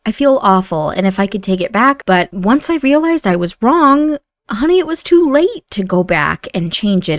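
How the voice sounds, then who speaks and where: A woman's voice: a little high, dry recording, voice pushed up, lightly acted. Woman as sorry older mother, pleading, apologetic, dry close sound.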